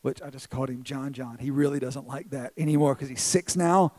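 A man's voice: mid-range voice, a little fast, a little mellow, rough recording. A man in his thirties who is a pastor, preaching from a church stage in an earnest, self-deprecating storytelling way, often restarting his words. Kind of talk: sermon.

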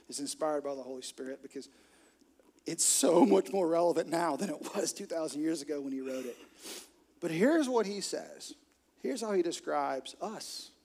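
A male pastor preaching with a high, bright voice. He keeps it lively and funny, slipping into quick acted-out quotes. His energy swings from quiet asides to loud bursts. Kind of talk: sermon.

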